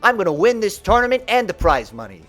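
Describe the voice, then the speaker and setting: Give me a man playing a brash cartoon teen from Brooklyn, pitched up and loud. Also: sing-song, quick pace, faint music behind, heavily acted. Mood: determined. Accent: Brooklyn put-on. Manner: brash, earnest vow. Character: scrappy teenage boy duelist, loyal big brother.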